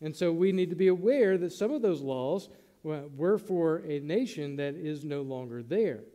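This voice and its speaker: A man's voice: a little high, animated, moderate pace, dark tone, long reverb tail. A man preaching a sermon to his congregation in a conversational way, acting out the lines he quotes. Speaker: pastor.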